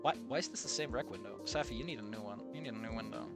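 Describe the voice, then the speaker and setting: A streamer reacting to a fan comic in casual live commentary, excitable and swearing, jumping between shouted outbursts and low muttering. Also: very fast, faint music behind.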